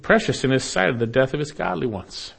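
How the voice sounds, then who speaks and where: A man preaching an expository sermon, earnest and exhorting, speaking straight to the listener as a friend and swinging between emphatic and hushed lines. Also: medium pitch, very animated, brisk, creaky, husky. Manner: addresses the listener directly as "my friend".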